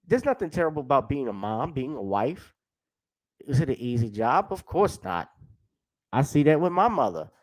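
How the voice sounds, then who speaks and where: A man hosts a casual commentary stream, rambling along in a conversational way and calling out viewers by name. His voice sits a little higher than most men's. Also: poor audio. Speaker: host.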